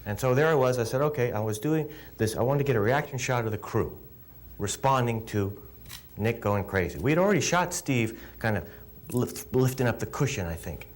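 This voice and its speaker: Brief: middle-aged man, film director in an interview, lively swooping pitch, emphatic and chatty. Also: fairly quick. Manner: animated, emphatic, repeats words. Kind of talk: interview answers, storytelling.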